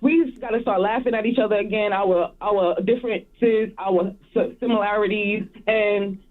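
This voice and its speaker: A woman's voice: mid-range voice, steady tone, normal speed. Chatty woman caller on a phone line. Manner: chatty, laughs while talking. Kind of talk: call-in comment.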